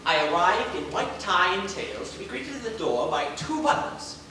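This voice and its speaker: In a live stage play, an actor portrays a vain, flamboyant star playwright in an exaggerated, bright, forceful voice that sits high and swings widely in pitch at normal speed. His delivery is grandiose, and the recording is distant, echoey and noisy.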